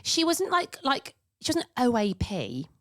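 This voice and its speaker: A woman's voice: high-pitched, wildly swooping pitch, unhurried, no echo. A woman co-hosting a podcast in a studio, telling a story in casual chat and laughing through it. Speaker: podcast co-host.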